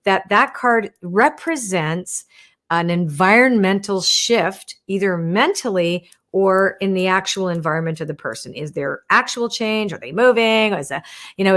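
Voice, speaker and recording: A woman hosting a live stream, chatting as she answers viewer questions about oracle cards, explaining gently with lots of "right?" and "you wanna.". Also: mid-range voice, expressive, normal speed.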